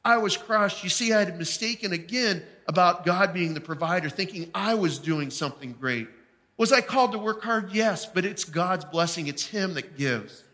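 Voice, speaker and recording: A man's voice: high voice, lively intonation, moderate pace, sharp tone. A man preaching a sermon, telling his own story with emphatic, heartfelt delivery. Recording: long hall reverb.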